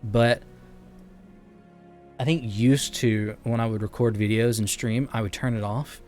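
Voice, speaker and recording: A man's voice: lowish voice, fairly even intonation, unhurried, darkish tone, faint music behind. A man in his late twenties chatting casually on a live stream while gaming, rambling and chuckling often, talking into a streaming mic in his bedroom. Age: late 20s. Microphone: streaming mic with noise gate.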